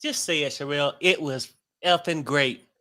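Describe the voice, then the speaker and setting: A man's voice: on the high side, normal speed, bright, forceful tone. A man co-hosting a casual online gossip show, teasing and joking with his co-host. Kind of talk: casual celebrity gossip chat.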